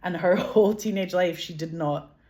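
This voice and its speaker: A woman with a Glasgow Scottish accent, chatting casually as an interview guest, animated, laughing often, swearing and saying "like" a lot. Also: lowish voice, normal speed. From Scotland. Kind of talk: casual chat.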